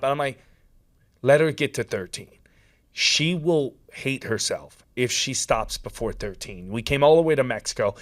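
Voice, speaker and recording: A man telling a long story in a casual chat, animated and peppered with "dude" and "like.". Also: medium pitch, normal speed. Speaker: podcast guest.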